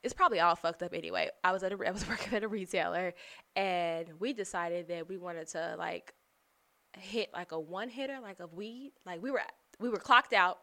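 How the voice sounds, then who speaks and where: Candid, animated American woman storyteller. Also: lowish voice, normal speed. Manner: candid, animated, swears freely. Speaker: production manager. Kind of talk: casual storytelling.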